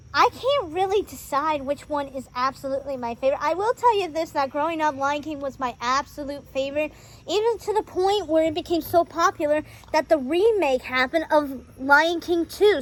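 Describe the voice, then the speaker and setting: A woman hosting a casual movie review vlog outdoors on a driveway, talking in an excitable, rambling way with lots of fillers. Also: high-pitched, moderate pace, a little hiss or hum. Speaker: host reviewing films.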